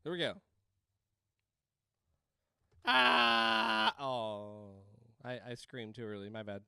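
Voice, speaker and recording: A game streamer plays a video game in his home room, rambling into a desk microphone, laughing and breaking into screams as let's-play commentary. His lowish, slightly bright voice is smooth at normal speed, with clean studio sound and no echo.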